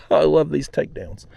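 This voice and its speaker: A man's voice: on the high side, vocal fry, a little mellow, slight background noise. A man hosting a fishing vlog, telling a story in a fired-up, profane rant while fishing outdoors from a kayak. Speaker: fishing channel host.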